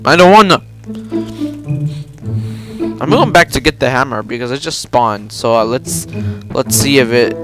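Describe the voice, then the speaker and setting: A young man giving casual gameplay commentary, excitable, yelping and repeating himself. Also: medium pitch. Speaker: gameplay video host.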